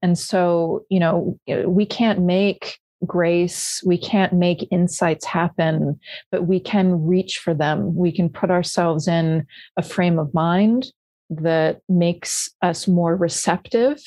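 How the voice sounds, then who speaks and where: A woman co-hosting an astrology talk, speaking in a thoughtful, halting way with many restarts. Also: fairly low pitch, fairly even intonation, warm tone, dry recording. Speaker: astrology podcast co-host. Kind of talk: casual reflective conversation.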